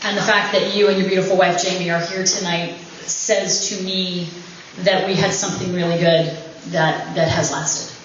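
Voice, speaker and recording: A woman's voice: lowish voice, flat delivery, normal speed, slight background noise. A woman giving an informal speech at her anniversary party in a winery event room, joking and laughing often. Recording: very echoey, dull room recording with ambience.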